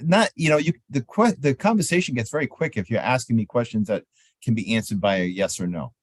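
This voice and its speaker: Guy coaching people on trade show booths, super lively up-and-down voice, acts out little chats, dry close sound. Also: mid-range voice, a little fast, no room sound. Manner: animated, acts out sample exchanges in lively voices. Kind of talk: seminar talk on trade show etiquette.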